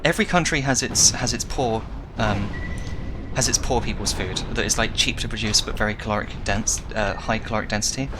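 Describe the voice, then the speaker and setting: A man's voice: fairly low pitch, fairly quick, background noise. Ranting man streaming a game. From Britain. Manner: ranting, frustrated, swears often. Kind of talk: live gameplay commentary.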